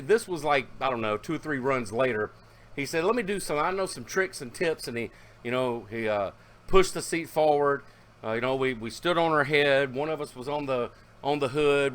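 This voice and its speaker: A man, talking casually and rambling in a hobby video, with fillers and self-corrections. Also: medium pitch. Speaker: car audio hobbyist vlogger. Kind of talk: casual vlog narration.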